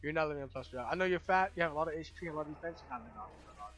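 High, animated young gamer man ranting. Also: rapid-fire, few pauses, faint music behind. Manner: exasperated, loud outbursts, slangy. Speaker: let's play host. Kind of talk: gaming commentary.

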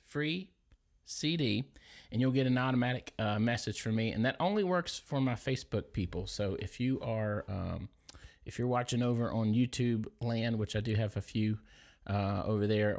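A man from Louisiana with a Southern accent, chatting casually on a livestream and reading viewer comments aloud. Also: medium pitch. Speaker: livestream gospel singer.

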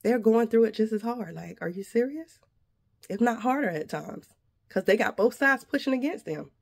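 A woman's voice: a little high, expressive, moderate pace, creaky, breathy edge. A woman vlogger, indignantly venting to her viewers. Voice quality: slight lisp from retainers. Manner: indignant, addresses viewers directly. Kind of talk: venting to camera.

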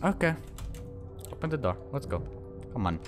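A man commenting while playing a shooter game, excitable and swearing, often yelling at enemies. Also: medium pitch, moderate pace, over music. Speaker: gaming channel host. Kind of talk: let's play commentary.

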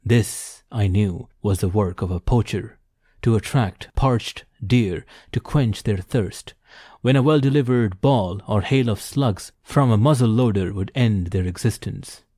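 A man narrating an audiobook in a measured, formal storytelling manner. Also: lowish voice, mellow, husky, no room sound, studio quality. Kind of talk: scripted narration.

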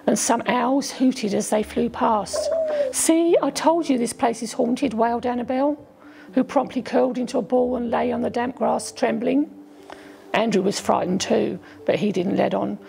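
A woman from England narrating a children's storybook aloud, gently voicing the characters' lines as she goes. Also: on the high side, creaky, rough recording. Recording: faint music behind.

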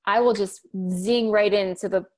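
A woman's voice: mid-range voice, normal speed, a little hiss or hum. A woman in her thirties, a communication coach, talking emphatically and animatedly in an interview. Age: 30s. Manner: emphatic, animated storytelling with acted-out quotes. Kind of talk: interview conversation.

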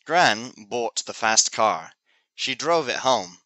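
A man teaching English, reading a children's story aloud slowly and clearly. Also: mid-range voice, animated, sharp tone, no echo. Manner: slow, clear, deliberate reading.

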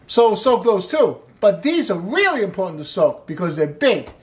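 With a high voice that swings widely in pitch, a middle-aged man hosts a cooking show as a chef at a moderate pace. He stays chatty and upbeat, exclaiming often as he guides viewers through a recipe step by step in a casual demo.

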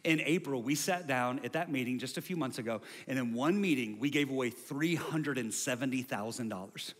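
A man preaching a sermon as pastor, building to loud, repetitive refrains. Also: medium pitch, a little fast, few pauses, long reverb tail, a little hiss or hum.

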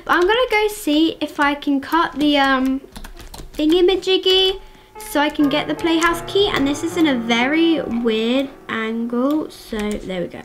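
A woman hosting a gaming channel, chatting excitably to viewers through gameplay commentary. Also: high-pitched, measured pace.

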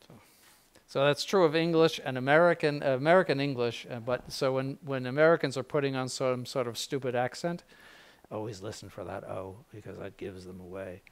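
A man's voice: mid-range voice, fairly even intonation, brisk. An older man, a bishop, giving an informal spiritual conference in a blunt, conversational way with frequent asides.

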